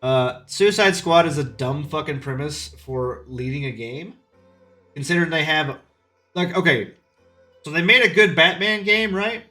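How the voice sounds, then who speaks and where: Podcast guy ranting about games, swears a ton, bright edgy voice, music faint behind. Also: a little high. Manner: heated, profane, repeats phrases. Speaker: podcast host. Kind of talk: profane gaming podcast rant. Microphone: podcast mic, live stream.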